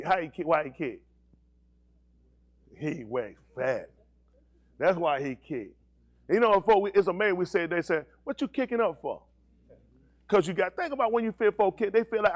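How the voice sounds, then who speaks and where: Animated preaching man, lively pitch. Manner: animated preaching with call-and-response questions and slang. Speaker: pastor. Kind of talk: sermon.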